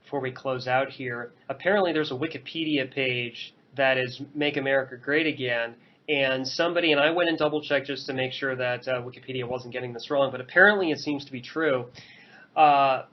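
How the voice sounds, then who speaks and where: A man co-hosting a podcast in casual chat, speaking in a measured way and hedging with fillers. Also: medium pitch. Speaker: podcast co-host. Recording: dull lo-fi podcast audio.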